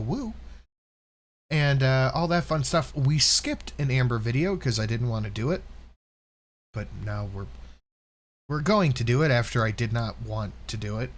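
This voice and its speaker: A man's voice: mid-range voice, expressive, moderate pace, pauses often. A man co-hosting a casual reaction show, joking, swearing and bantering. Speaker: co-host.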